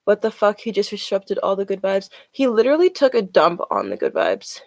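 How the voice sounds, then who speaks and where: A woman's voice: mid-range voice, wildly swooping pitch, brisk, creaky, a little mellow, dry recording. A woman chatting casually on a live stream as she reads tarot cards, filling her talk with "like". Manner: chatty, with many "like" fillers.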